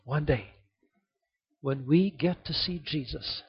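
A man with a high, gravelly voice delivers a sermon from the pulpit, trading rhetorical questions for hushed passages. His voice is breathy and rough. The recording is dull and lo-fi. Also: slow pace, pauses often. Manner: preaching with rhetorical questions, swinging from loud emphasis to hushed tones. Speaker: pastor.

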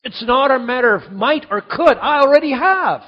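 Older male pastor, high husky voice, lively sermon delivery, muffled lo-fi recording. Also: moderate pace. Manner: animated, dramatic storytelling with sudden loud and soft swings. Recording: dull lo-fi sound.

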